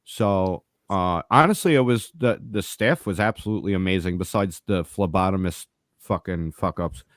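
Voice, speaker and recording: A low-voiced man telling a long story in loose, profane chat. He jumps into the other characters' voices as he goes. The sound is dry and close. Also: moderate pace, no room sound. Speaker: podcast regular telling his story. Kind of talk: casual storytelling.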